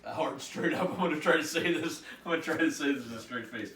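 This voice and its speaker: Brief: male host, earnest and emphatic, mid-pitched, roomy sound from a distant mic. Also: fast, fairly bright tone, slight background noise. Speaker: podcast host. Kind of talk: casual chat.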